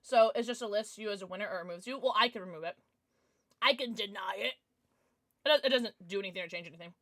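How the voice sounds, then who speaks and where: A young woman streamer chatting casually and excitedly to her viewers, now and then cooing at her dog in baby talk. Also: medium pitch, fast talker. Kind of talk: casual livestream chat.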